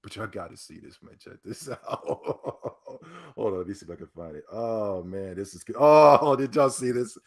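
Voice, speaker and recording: A man hosting a podcast, giving emphatic, animated commentary that repeats itself when he gets worked up and often breaks into laughter. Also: lowish voice, moderate pace. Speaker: podcast host. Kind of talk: ranting commentary.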